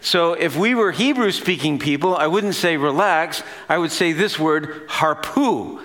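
A man's voice: fairly high pitch, animated, moderate pace, a bit bright. A man giving a sermon in a casual, playful teaching manner, laughing as he explains. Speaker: pastor.

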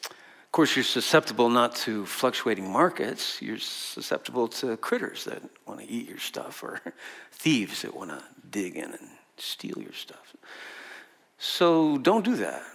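A man's voice: mid-range voice, big pitch swings, measured pace, gravelly, fairly bright tone. A man preaching a sermon to a room of people in a conversational way, asking the audience questions and laughing often. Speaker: pastor.

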